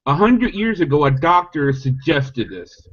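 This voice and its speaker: A man chatting casually on an online podcast, animated and mocking, often restarting sentences. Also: unhurried. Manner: animated, mocks opponents in high squeaky voices. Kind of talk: casual chat. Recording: lo-fi online call audio.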